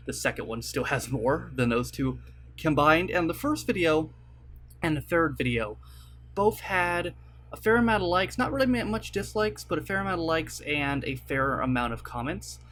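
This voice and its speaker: A man's voice: fairly high pitch, lively intonation, moderate pace, a bit bright. A young man making a casual vlog from his computer desk, rambling with lots of fillers and apologizing. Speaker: YouTuber. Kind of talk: casual vlog talk to camera. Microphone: desk mic at webcam setup.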